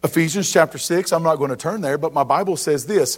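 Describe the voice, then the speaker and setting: A man's voice: on the high side, brisk, hardly any pauses. A man in his thirties preaching as a pastor, building emphasis with rhetorical questions and casual asides. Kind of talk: sermon.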